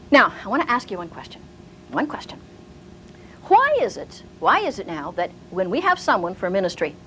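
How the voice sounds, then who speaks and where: This Bible teacher is an older woman with a medium-pitched voice, preaching a sermon as an animated storyteller who voices the people she quotes. A bit of hiss or hum runs through the low-quality recording.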